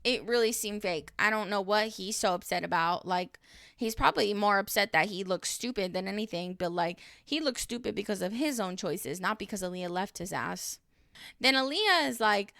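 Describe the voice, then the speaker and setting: Casting note: woman in her thirties, vocal fry, clear tone, dry close sound, blunt reality-TV recapper. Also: medium pitch, moderate pace, a bit bright, dry recording. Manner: blunt, exasperated, swears freely. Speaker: reaction vlogger. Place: dim room at home.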